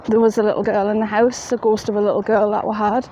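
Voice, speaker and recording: A woman's voice: mid-range voice, little pitch movement, quick pace, warm tone, low-quality recording. A woman telling a ghost story in a chatty, plain-spoken way, outdoors at night in the rain. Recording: faint rain noise behind.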